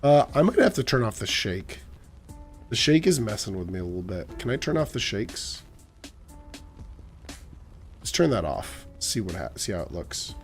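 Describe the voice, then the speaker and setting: A man's voice: lowish voice, big pitch swings, moderate pace, pauses often, soft background music. A young man playing a game and reading its lines aloud, joking and rambling, his voice still recovering. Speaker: gamer. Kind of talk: let's play commentary, reading lines aloud.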